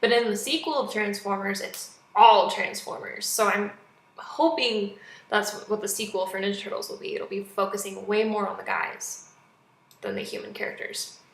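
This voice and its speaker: A young woman giving a chatty, animated movie review in a casual vlog, acting out quotes now and then. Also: medium pitch, normal speed. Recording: echoey room.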